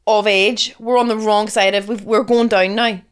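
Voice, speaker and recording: A woman's voice: medium pitch, flat delivery, moderate pace, clear, resonant tone. A woman in her thirties with a Northern Irish accent, co-hosting a podcast, talking frankly with lots of restarts and swearing. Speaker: podcast co-host, comedian. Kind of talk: casual chat.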